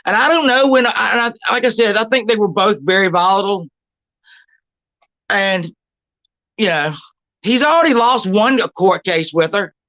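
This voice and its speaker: A woman's voice: mid-range voice, expressive, normal speed, pauses often, a bit bright. A woman hosting a livestream, ranting bluntly with lots of swearing and greeting viewers in the chat. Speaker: livestream host. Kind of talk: casual livestream commentary. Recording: dull lo-fi stream audio.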